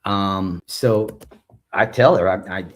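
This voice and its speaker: A former school principal in his forties tells of his experience in a low, slow voice. He speaks like he's sharing a story in conversation, acting out the dialogue he quotes.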